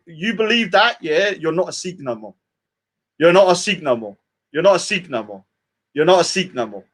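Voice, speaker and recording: A man's voice: high voice, a bit bright. A man who hosts a live stream, ranting in a scornful tone and tagging many lines with "yeah?". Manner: scornful, repeats "yeah?" often. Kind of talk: heated live-stream rant.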